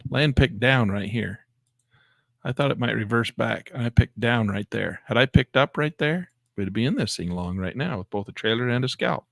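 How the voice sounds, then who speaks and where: Gravelly low-voiced guy hyped up calling his day trades live, dry sound. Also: no room sound. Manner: excitable, exclaims and talks to himself. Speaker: day trading educator. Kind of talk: live trading commentary.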